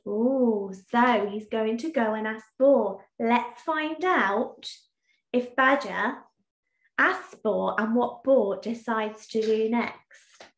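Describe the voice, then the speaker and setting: A woman teacher reading a storybook aloud in an expressive, sing-song way, then explaining a task in an online lesson. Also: a little high, slow pace. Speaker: primary school teacher. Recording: echoey room.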